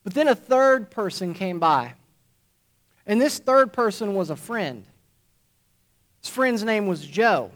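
A man preaching to his congregation in a fairly high voice, leaning on repetition and deliberate emphasis. His sermon delivery is earnest and measured, building points one phrase at a time. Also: lively intonation, fairly bright tone. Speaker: pastor. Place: church congregation.

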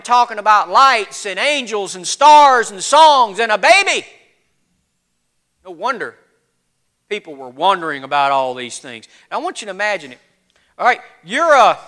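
A man preaching a sermon in a folksy, animated storytelling way, his voice getting cracky. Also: sits high. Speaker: pastor.

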